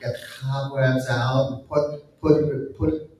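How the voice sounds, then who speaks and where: A man speaking on a live panel discussion, halting with many fillers and restarts. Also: mid-range voice, little pitch movement, background noise. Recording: echoey room heard from far off.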